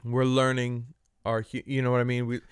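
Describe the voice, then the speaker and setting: Male comedy podcast host, mid-pitched, clean dry sound, deadpan jokey delivery. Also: moderate pace, smooth, no echo. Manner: joking, deadpan mock-solemn asides. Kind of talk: casual comedic chat.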